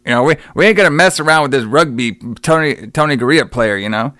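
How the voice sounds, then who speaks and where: A man co-hosting a podcast, retelling a scene in casual, profane, animated chat. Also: mid-range voice, fast, no echo. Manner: animated, profane storytelling with laughs. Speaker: podcast co-host.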